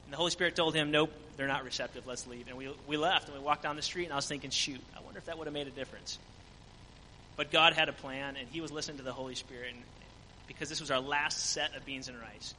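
A man's voice: medium pitch, steady tone, fast, sharp tone, big-room sound, a little hiss or hum, rough recording. A man giving an earnest church testimony about a mission trip, full of fillers. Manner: earnest storytelling with frequent fillers. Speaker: mission trip team member.

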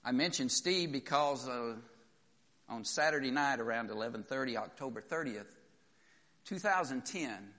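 A man's voice: medium pitch, animated, moderate pace, sharp tone, big-room sound. A man preaching a sermon, telling a story in a conversational way with frequent fillers.

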